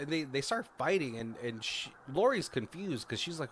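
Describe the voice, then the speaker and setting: A man's voice: mid-range voice, expressive, fairly quick, a crowd in the background. Rambling man recapping a movie. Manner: rambling retelling with swearing and laughs. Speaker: podcast co-host. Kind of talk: casual movie recap chat.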